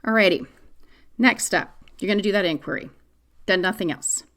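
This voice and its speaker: A middle-aged woman hosting a parenting podcast, answering a listener's question in a candid, conversational way. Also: normal speed. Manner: candid, conversational, animated pitch swings.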